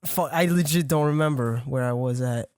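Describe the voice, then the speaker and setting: A man's voice: medium pitch, normal speed, darkish tone, clear, resonant tone. A young man in his twenties with a French accent, a native French speaker, telling a rambling, profane story in casual podcast chat with frequent laughs. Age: 20s. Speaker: podcast guest.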